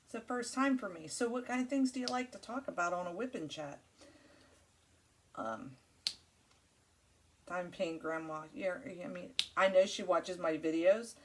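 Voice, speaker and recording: A woman's voice: fairly low pitch, measured pace, long pauses, background noise. A woman hosting her crafting channel, chatting casually while she works, rambling and friendly with many fillers.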